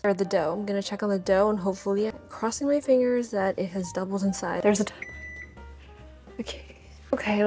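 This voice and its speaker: A woman's voice: mid-range voice, dark tone. Chatty young woman baking at home. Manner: chatty, self-talking, slightly flustered. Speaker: home baker vlogger. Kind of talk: casual baking vlog chat. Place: home kitchen.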